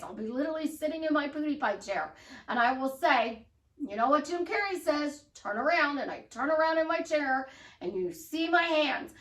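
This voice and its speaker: Bubbly high-voiced woman life coach. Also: roomy sound, far from the mic, poor audio. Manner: animated, acts out excited affirmations. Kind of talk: motivational talk to camera.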